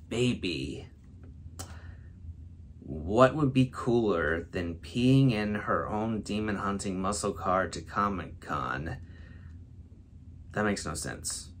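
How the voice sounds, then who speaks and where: A man's voice: fairly low pitch, slight background noise. A man hosting a comedy show, reading a fill-in-the-blank story aloud and stumbling over the silly words. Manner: breaks into laughter mid-read, stumbling over silly words. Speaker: host. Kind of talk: comedic read-aloud of a word-game story.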